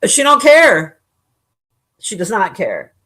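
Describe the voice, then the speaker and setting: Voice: mid-range voice, huge pitch swings, takes it slowly, pushed and bright. A live streamer chatting casually with viewers and reading their messages, blunt, profane and laughing often. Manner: blunt and opinionated.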